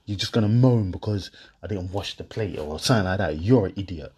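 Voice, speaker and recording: Husky young man, animated slang. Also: sits low, brisk. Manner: animated, streetwise slang, acts out both sides. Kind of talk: casual monologue.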